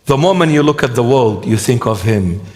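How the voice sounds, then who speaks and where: A man's voice: mid-range voice, expressive, moderate pace, darkish tone, long reverb tail. A man preaching a sermon with emphatic rhetorical questions.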